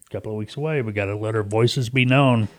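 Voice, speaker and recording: A man's voice: fairly low pitch, fast. Folksy man hosting a trucking podcast. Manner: folksy, chatty. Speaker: podcast host. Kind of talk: casual podcast commentary.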